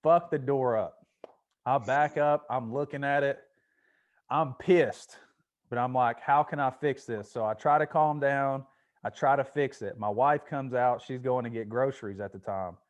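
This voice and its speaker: A man's voice: mid-range voice, measured pace, lo-fi sound. Laid-back man telling stories. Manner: laid-back storytelling with frequent swearing. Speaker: podcast host. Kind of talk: casual podcast chat.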